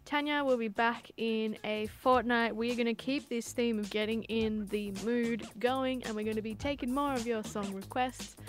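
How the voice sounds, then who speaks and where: Upbeat radio host over music. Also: female voice, on the high side, steady tone, normal speed, few pauses. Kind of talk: radio show hosting. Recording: music playing under the voice.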